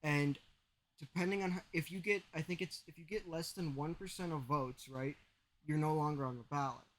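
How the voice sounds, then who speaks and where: A young man co-hosts a casual sports podcast, his voice sitting a bit high for a man. He rambles through long explanations, restarting his sentences as he goes. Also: moderate pace, fairly bright tone, low-quality recording. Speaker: podcast co-host.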